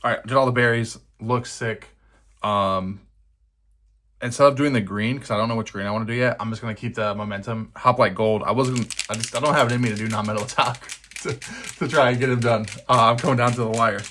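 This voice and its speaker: Chatty man with a bright voice. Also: mid-range voice, fairly even intonation, a little fast. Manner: chatty, self-deprecating, thinking aloud. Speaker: miniature painting hobbyist. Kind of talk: casual narration over a painting session.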